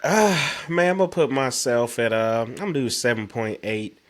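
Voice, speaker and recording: A man in his thirties co-hosting a podcast, hoarse from sinus trouble, chatting casually and telling animated, slangy stories. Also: mid-range voice, normal speed. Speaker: podcast co-host. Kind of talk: casual chat.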